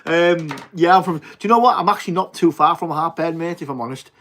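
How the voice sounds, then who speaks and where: Chatty Teesside bloke on a livestream. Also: male voice, a little high, fast talker, fairly bright tone, a little hiss or hum. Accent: Teesside English. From England. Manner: chatty, blokey, swears and says mate often. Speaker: livestream host. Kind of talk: casual livestream chat reading viewer comments.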